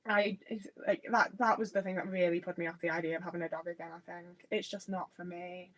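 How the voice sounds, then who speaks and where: A young Englishwoman from the Midlands, her accent carrying a faint Liverpool twang, is baking in her home kitchen and chatting with viewers on a livestream. Her voice sits on the low side with fairly even intonation, and she talks a little fast over a rough recording. She rambles, swears freely and pokes fun at herself.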